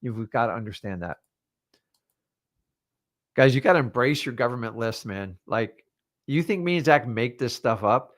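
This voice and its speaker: A man's voice: mid-range voice, animated, moderate pace, pauses often, no echo. A middle-aged man, a real estate coach, giving a blunt motivational masterclass and swearing casually as he talks.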